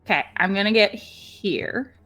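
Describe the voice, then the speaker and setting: A woman's voice: mid-range voice, unhurried, pushed and bright. A woman playing a tabletop role-playing game, describing her character's actions in a chatty way with many fillers. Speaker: player. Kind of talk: casual tabletop game play.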